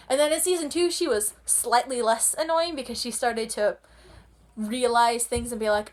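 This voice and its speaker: A woman's voice: fairly high pitch, steady tone, normal speed. A woman ranting casually about a show she loves, gushing and rambling, with frequent restarts. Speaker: anime vlogger. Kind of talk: casual rant.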